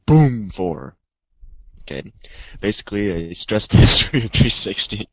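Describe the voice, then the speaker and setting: Brief: male co-host, very low voice, dry close mic, laid-back jokey delivery. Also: moderate pace, a bit bright, slightly rough, dry recording. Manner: reads listener mail with jokey asides. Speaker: podcast co-host. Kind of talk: casual chat.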